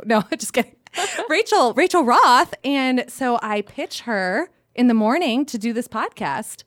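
A woman's voice: fairly high pitch, expressive, measured pace, hardly any pauses, fairly bright tone, no room sound, clean studio sound. A woman co-hosting and interviewing on a podcast in casual chat, upbeat and encouraging, laughing often.

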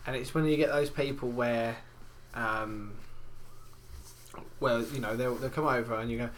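A man's voice: mid-range voice, fairly even intonation, normal speed, long pauses, a little hiss or hum. A man telling rambling stories in a casual chat, laughing and swearing as he goes. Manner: rambling, laughing, swearing, does voices of customers.

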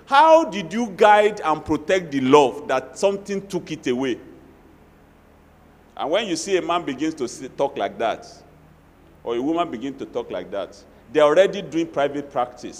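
Nigerian pastor preaching in a reverberant hall. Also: male voice, a little high, moderate pace. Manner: animated preaching with Yoruba asides and acted quotes. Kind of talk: sermon.

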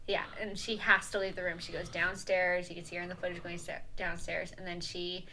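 A young woman co-hosting a podcast, chatting and giggling as she retells a ghost story, dropping to hushed tones and then getting loud. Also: on the low side, little pitch movement, a little fast, rough recording. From Canada. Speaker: podcast co-host. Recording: unboosted mic with background chatter.

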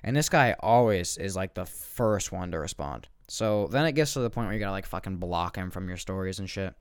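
Young man, lower pitch, profane rambling rant. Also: animated, fairly quick, clear, resonant tone, dry recording, studio quality. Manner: profane, rambling, restarts often. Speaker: podcast host. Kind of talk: comedic rant.

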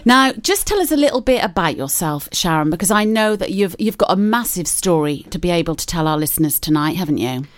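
A woman's voice: fairly low pitch, animated, brisk, few pauses, dry recording. A woman hosting a live radio chat show in a studio, talking in a bubbly, effusive, jokey way.

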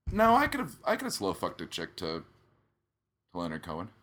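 Man podcast co-host, low voice with a bright, forceful edge, rambling jokey banter, close mic. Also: huge pitch swings, fairly quick, a little hiss or hum. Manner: joking, rambling, many fillers and restarts. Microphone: studio microphone close up.

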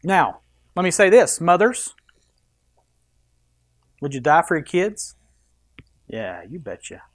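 A man's voice: a little high, big pitch swings, slow, dry recording, clean studio sound. A man preaching a sermon in a conversational, joking manner to his congregation. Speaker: pastor.

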